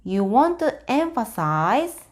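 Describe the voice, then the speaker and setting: A woman with a Japanese accent teaching a language lesson, speaking very slowly and deliberately and breaking sentences into pieces. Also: on the high side, very animated. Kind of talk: slow, clear online language lesson.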